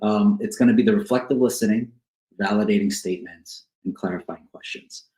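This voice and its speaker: A man with a fairly low voice teaches like a counselor. He explains patiently, repeats key words and keeps checking in with "right?". The room around him sounds echoey. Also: a little fast, mellow. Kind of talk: teaching on couples conflict.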